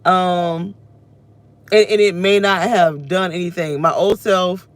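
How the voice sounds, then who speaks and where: Speaking slowly in a steady, low-side voice, this thirtysomething vlogger sits in a car. Her emotional personal rant to camera rambles as she vents and thinks aloud in a self-reflective way.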